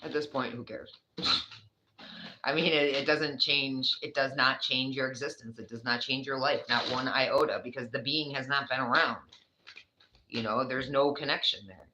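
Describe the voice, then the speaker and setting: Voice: medium pitch, fairly even intonation, moderate pace, noisy background. A speaker with a New York accent giving a casual, rambling tarot reading, chatty and swearing freely. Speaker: tarot reader.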